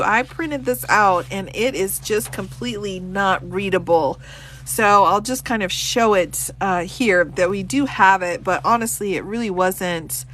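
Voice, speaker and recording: A woman's voice: mid-range voice, a bit bright, a little hiss or hum, low-quality recording. A woman attorney hosting a live stream, reading a document aloud and reacting to chat with frequent laughter and exclamations. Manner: reads text aloud in a brisk, plain way.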